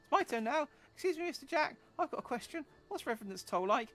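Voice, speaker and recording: A man voicing a curious, pushy young boy who asks excited questions. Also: very high voice, quick pace, faint music behind, pitched above the performer's own voice, heavily acted. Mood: eager.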